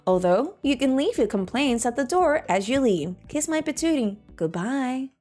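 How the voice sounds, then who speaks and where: A woman's voice: sits high, very animated, normal speed, warm tone, faint music behind. A woman voicing a mock-polite female train announcer with a sing-song announcer delivery.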